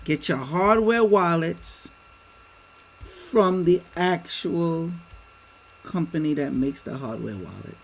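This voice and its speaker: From a home setup with a green screen, a man hosts a livestream, calling his viewers "y'all," speaking emphatically and firing off rhetorical questions as commentary. His voice is a little high, expressive and slow, with vocal fry, and the audio is poor.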